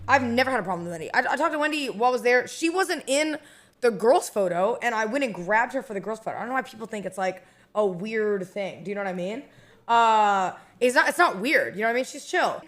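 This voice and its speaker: A woman's voice: on the high side, expressive, quick pace, a bit bright. A woman streamer in casual chat, rambling and chatty with lots of fillers and restarts.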